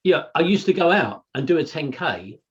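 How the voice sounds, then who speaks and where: A man's voice: on the high side, big pitch swings, normal speed. Chatty man, muffled call audio. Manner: chatty, anecdotal, frequent "you know". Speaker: podcast co-host. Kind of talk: casual chat.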